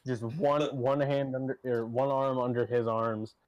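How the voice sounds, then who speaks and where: A man's voice: mid-range voice, fairly even intonation, measured pace, darkish tone, no echo, lo-fi sound. A man narrating as game master in a tabletop game, rambling and laughing often.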